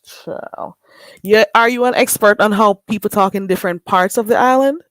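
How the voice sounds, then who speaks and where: A woman's voice: mid-range voice, a little fast, no room sound. A woman with a Caribbean accent, chatting bluntly and casually with viewers as a livestream host. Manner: blunt, chatty, frequent laughs. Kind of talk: casual live-stream chat.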